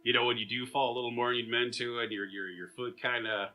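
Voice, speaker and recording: A man's voice: medium pitch, level tone, fast talker, bright, forceful tone, soft background music, rough recording. A man running a tabletop role-playing game as game master, chatting casually, laughing often and stumbling over repeated words as he narrates.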